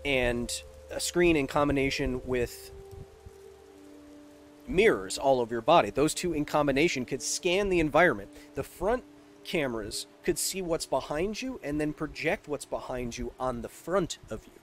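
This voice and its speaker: A man's voice: on the high side, lively intonation, moderate pace, a little hiss or hum. A man streaming a video game with casual, rambling commentary and jokey asides. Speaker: gaming streamer.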